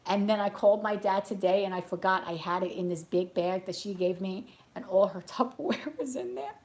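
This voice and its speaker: A woman's voice: medium pitch, a little fast. A woman tarot reader chatting casually between readings, rambling off on tangents and telling stories bluntly. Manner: chatty and animated storytelling, blunt. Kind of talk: casual chat during a live reading.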